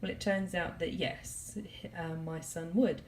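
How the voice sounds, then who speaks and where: A woman's voice: on the low side, fairly even intonation, a little slow, slight background noise. A woman chatting casually in a vlog, recapping a family trip with rambling, laughing asides. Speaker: family vlogger.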